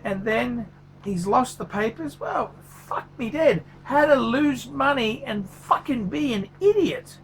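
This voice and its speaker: A man's voice: very high voice, animated, slow pace, a little hiss or hum, heavily acted. A man voicing a furious, foul-mouthed male watch reviewer who swears constantly in a paid review rant. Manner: swears constantly, ranting, blunt.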